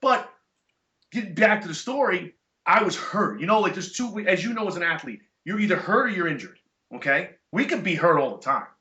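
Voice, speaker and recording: A middle-aged man, a podcast guest, telling stories in casual chat, animated and emphatic with blunt profanity. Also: sits high, a little fast. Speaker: podcast guest, chiropractor and jiu-jitsu black belt. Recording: echoey room, dull lo-fi sound.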